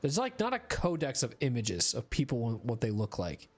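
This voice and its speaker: A man's voice: medium pitch, huge pitch swings, moderate pace, husky. A tired young man streaming a game, chatting casually and being goofy. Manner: goofy, reads dialogue aloud in put-on voices. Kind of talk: casual gameplay commentary.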